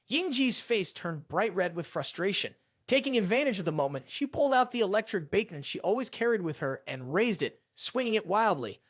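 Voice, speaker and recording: A narrator reading a scripted story recap in a brisk, expressive way. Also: mid-range voice, dry recording, clean studio sound.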